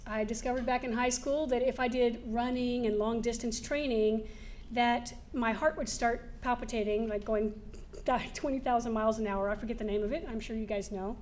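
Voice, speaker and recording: A woman giving a keynote speech to a live audience, telling lively personal stories, laughing now and then and acting out the scenes. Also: fairly high pitch, moderate pace, slight background noise. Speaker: motivational speaker. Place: event hall before a live audience.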